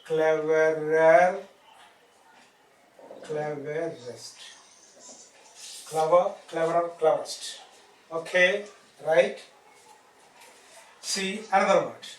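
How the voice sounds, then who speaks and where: Slow, spelling-out teacher. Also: male voice, on the high side, steady tone. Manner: drills words slowly, spells them letter by letter, keeps asking "isn't it?". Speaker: English teacher. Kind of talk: classroom grammar lesson. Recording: echoey room, distant mic, faint hiss.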